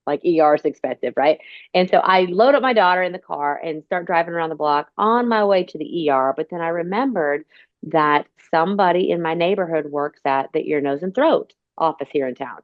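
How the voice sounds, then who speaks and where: Over a dull, dry phone-call line, a podcast host with a lowish, brisk voice and no room sound conducts an interview. She's chatty in casual talk and tells long stories from her own life.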